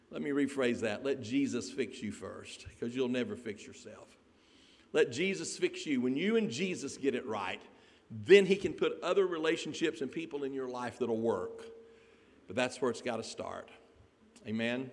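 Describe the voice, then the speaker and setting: Animated male preacher in an echoey hall. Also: medium pitch, moderate pace. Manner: animated storytelling with asides to the congregation. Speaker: pastor. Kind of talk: sermon.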